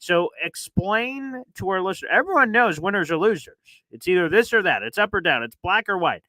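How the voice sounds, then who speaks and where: A man hosting a casual sports talk show, telling stories in an animated way and acting out his own reactions. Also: high voice, brisk, no echo. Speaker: podcast host.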